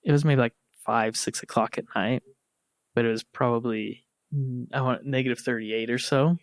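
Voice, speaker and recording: A man's voice: medium pitch, normal speed, dry recording. American man telling a story, dry mic. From United States. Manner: animated storyteller, laughs and acts out quotes. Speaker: podcast co-host telling a story. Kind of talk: casual storytelling among siblings.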